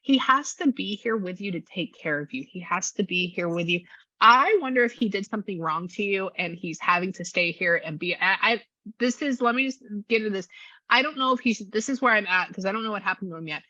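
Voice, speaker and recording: Bright-voiced chatty woman medium. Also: mid-range voice, lively intonation, no room sound. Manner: chatty and quick, with many fillers and laughs. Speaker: psychic medium. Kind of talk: spirit reading session. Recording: dull lo-fi audio.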